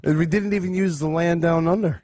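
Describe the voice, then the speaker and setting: A man's voice: a little high, steady tone, fairly quick, a little mellow. A man co-hosting a podcast, laid-back, making mumbled asides in casual chat. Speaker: podcast co-host.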